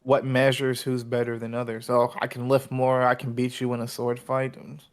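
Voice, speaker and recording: A man's voice: medium pitch, completely flat delivery, normal speed, natural voice. A man voicing a laid-back, blunt man at a camp, casual and swearing offhandedly. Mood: dismissive.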